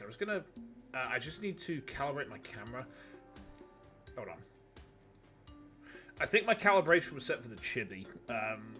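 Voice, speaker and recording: Yorkshire streamer, rambling casual chat, lively pitch, faint music behind. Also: male voice. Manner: chatty and rambling. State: tired, with a cold.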